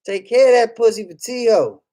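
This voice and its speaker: A man's voice: very high-pitched, moderate pace, dark tone, voice pushed up. A man putting on a crude, boastful male viewer in a mocking, exaggerated way while joking on a stream.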